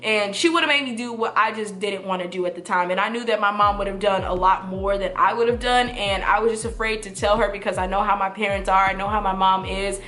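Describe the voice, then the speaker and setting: A woman's voice: medium pitch, fairly even intonation, fast, hardly any pauses, a bit bright, slight background noise. A woman in her twenties telling a personal story to camera, earnest and emphatic, often repeating points for stress. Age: 20s. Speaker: vlogger. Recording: echoey room.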